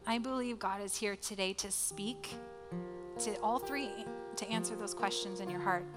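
A woman's voice: medium pitch, normal speed. A woman in her thirties, a pastor, giving a sermon through earnest, emotional personal storytelling. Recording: hall reverb with soft music behind.

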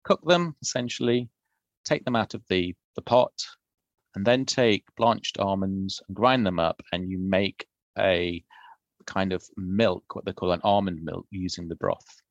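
A man, a food historian, explaining old recipes in a thoughtful, unhurried podcast conversation. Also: low voice, dry recording, dull audio.

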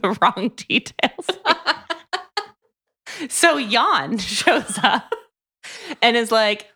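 A woman's voice: a little high, lively intonation, extremely slow, pushed and bright, husky. A woman co-hosting a podcast, retelling a book's plot in casual chat, full of "like". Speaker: podcast co-host. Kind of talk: casual book-review chat.

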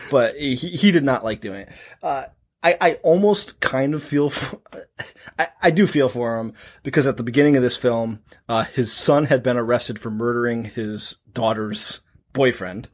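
A man's voice: medium pitch, normal speed. A man co-hosting a podcast in casual chat, telling stories in a rambling way and laughing often. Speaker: podcast co-host.

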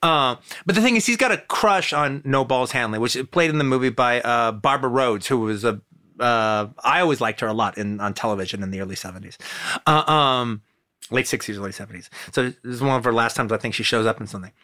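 A man hosting a film podcast, talking excitedly with many "uh" fillers and some swearing. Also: mid-range voice, fast talker. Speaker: podcast host. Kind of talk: casual film discussion.

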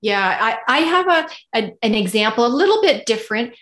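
A woman's voice: on the high side, sing-song, brisk, fairly bright tone. Woman co-host, thoughtful and conversational, shares own experiences. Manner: thoughtful, sharing personal examples. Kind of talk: conversational podcast chat.

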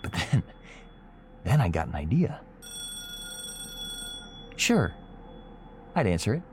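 An actor playing an anxious, cranky middle-aged husband who narrates in an old-time radio drama. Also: male voice, fairly low pitch, very animated, slow pace, music in the background. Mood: brooding. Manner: tense, brooding, defensive.

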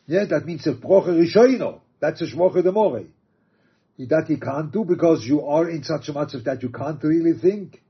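A man teaching a religious text, reading quotes aloud and explaining them halting restarts. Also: on the high side, expressive, breathy edge. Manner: reads Aramaic and Hebrew quotes then explains in English, halting restarts. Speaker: Torah teacher. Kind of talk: text study lecture. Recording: dull lo-fi recording.

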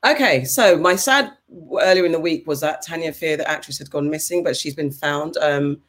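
A woman's voice: deep voice, moderate pace. Woman host in her 40s, blunt and profane, casual podcast storyteller. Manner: blunt, swearing, animated storytelling. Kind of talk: casual chat.

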